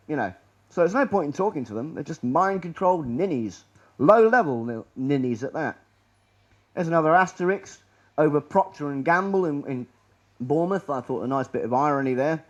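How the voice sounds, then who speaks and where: A man with a slightly raised pitch talks his way through a slideshow. He rambles and restarts, and his sarcasm runs through the whole talk. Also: animated, moderate pace, dull audio. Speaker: conspiracy lecturer.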